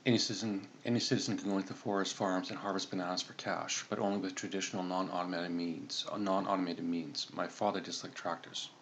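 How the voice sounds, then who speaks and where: A man telling a comedic story in a deadpan, matter-of-fact way, sometimes correcting himself. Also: sits low, fast, hardly any pauses, slight background noise. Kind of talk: comedic monologue narration.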